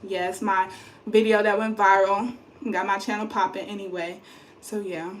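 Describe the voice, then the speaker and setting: A young woman chats rambling and animated into her phone, her voice at a middle pitch. She sounds tired. The room around her rings with a noticeable echo. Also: normal speed. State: pregnant, tired. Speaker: vlogger. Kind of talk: casual chat to camera. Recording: roomy echo.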